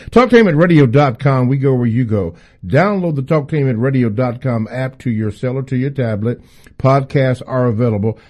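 Mellow-voiced man hosting talk radio. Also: mid-range voice. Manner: affirming listener, reads out questions and station promos. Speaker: radio show host.

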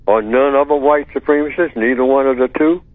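A man on call-in radio explaining his point emphatically and deliberately, asking himself rhetorical questions. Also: mid-range voice, no echo. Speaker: radio guest answering a listener question. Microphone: telephone. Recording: dry, tinny phone line.

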